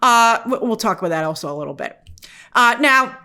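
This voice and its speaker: A woman hosting an online review show, speaking with a fairly high voice that leaps up and down in pitch. She talks casually and straight to the viewers, sounding animated and exasperated. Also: fairly quick. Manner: animated and exasperated, often mock-quoting characters; talks directly to the viewers with questions. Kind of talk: casual spoken review commentary.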